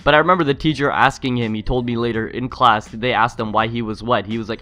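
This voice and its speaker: A man's voice: mid-range voice, steady tone, fast talker, sharp tone. A young man telling a story for his vlog, rambling, swearing often and filling his speech with "like". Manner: rambling, profane, filler-heavy. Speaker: YouTuber.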